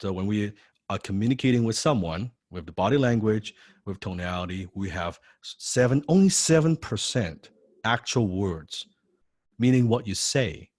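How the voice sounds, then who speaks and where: A man's voice: fairly low pitch, lively intonation, normal speed, a little mellow, no room sound. Emphatic male sales coach, dry sound. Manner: emphatic, repeats key phrases, acts out phone calls. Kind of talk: live sales training class.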